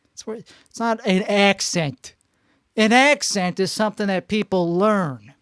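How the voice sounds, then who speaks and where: A man's voice: sits high, a bit bright, dry recording, studio quality. A man hosting a podcast, rambling through a comic monologue and slipping in and out of a put-on frantic Chicago-style accent, cutting himself off mid-thought. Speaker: podcast host. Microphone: two microphones up close.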